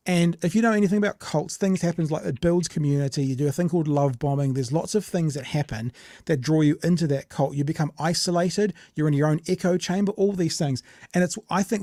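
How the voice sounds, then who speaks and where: A man's voice: fairly high pitch, dark tone, no room sound, studio quality. A male podcast host with a New Zealand accent, explaining and introducing clips in a conversational way. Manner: conversational, explanatory, quick asides. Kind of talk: political commentary chat.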